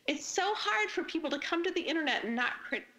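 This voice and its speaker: A woman's voice: very high voice, animated, fast talker, pushed and bright, poor audio. A woman author, a guest on a podcast interview, chatting casually and enthusiastically, with lots of fillers and restarts. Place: podcast recording.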